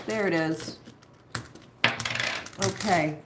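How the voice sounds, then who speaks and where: A woman doing a live tarot reading, talking in a reassuring way and thinking aloud with pauses. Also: mid-range voice, vocal fry, roomy sound, heavy background noise. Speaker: tarot reader.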